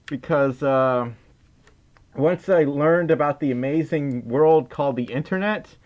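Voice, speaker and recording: A man's voice: on the high side, a little slow, muffled recording. A tired, sleep-deprived young man with a Southern accent, giggling and rambling playfully as he chats with viewers on a livestream. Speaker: livestream host. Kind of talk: casual livestream chat.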